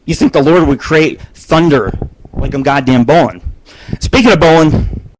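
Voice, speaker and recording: A man's voice: a little high, normal speed, slight background noise, low-quality recording. Crude, rambling man hosting live radio. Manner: crude, rambling storytelling with frequent swearing and laughs. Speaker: radio show host. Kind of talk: live internet radio monologue. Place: home studio broadcasting on live video.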